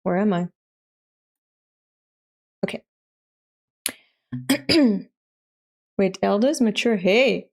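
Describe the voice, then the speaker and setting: Streamer, woman, 30s, from Europe, chatty and gravelly, laughs a lot. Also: medium pitch, lively intonation, drawn-out words, pauses often. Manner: chatty, laughs often, swears casually. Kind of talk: casual live-stream chat.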